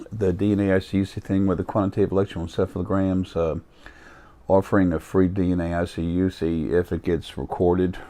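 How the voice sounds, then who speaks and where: A man with a very deep, low-pitched voice talks straight to camera in a loose, rambling monologue. He sounds tired, blunt and defiant, brushing off criticism in plain words. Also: mellow. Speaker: vlogger.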